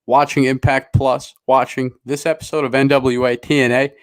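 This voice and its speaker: A man's voice: medium pitch, little pitch movement, moderate pace, clear, resonant tone. A man co-hosting a podcast, telling a long casual story in a rambling, self-mocking way and swearing freely. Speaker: podcast co-host.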